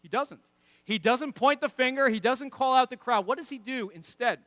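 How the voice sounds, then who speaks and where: A man's voice: extremely high pitch, normal speed, a bit bright, no room sound. A man preaching a sermon as pastor, conversational and emphatic, with many rhetorical questions. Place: church.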